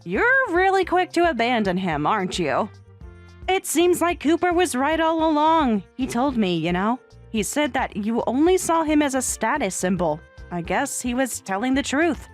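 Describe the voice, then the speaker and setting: A woman's voice: high-pitched, sing-song, moderate pace, soft background music. A woman voicing a young wife who speaks in a dry, cutting way, in a voiced story drama.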